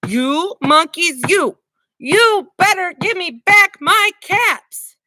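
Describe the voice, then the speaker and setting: A woman voicing an angry male cap peddler who scolds loudly, in a storybook read-aloud. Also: very high-pitched, slow, dry recording, voice pushed up, exaggerated voice. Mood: angry scolding. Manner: shouting, finger-wagging scolding.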